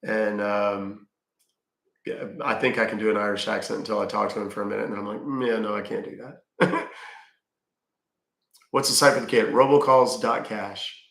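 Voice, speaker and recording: A middle-aged man with a gravelly, fry-edged voice talks casually on a livestream. He reads questions from chat and answers them bluntly, dropping dry jokes along the way. The sound is roomy, with a noticeable echo off the walls. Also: on the low side, fairly even intonation, normal speed, pauses often, a bit bright. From Texas.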